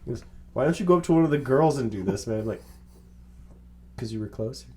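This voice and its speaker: A young man in casual chat, telling stories in an animated, playful way with loud bursts of laughter. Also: medium pitch, fast talker. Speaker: podcast co-host.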